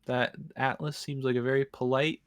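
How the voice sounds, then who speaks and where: A man's voice: medium pitch, little pitch movement, moderate pace, fairly bright tone, clean tone, no room sound. Man chatting casually about games, dry sound. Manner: rambling, fills with "like". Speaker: co-host. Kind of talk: casual gaming chat.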